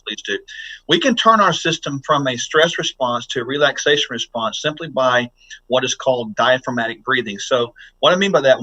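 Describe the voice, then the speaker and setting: A man with a bright, forward voice guests on a podcast as a health doctor. He talks in an earnest, teacherly way and walks the listener step by step through simple exercises. His pitch sits in an ordinary middle range. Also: highs cut off. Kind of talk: podcast interview.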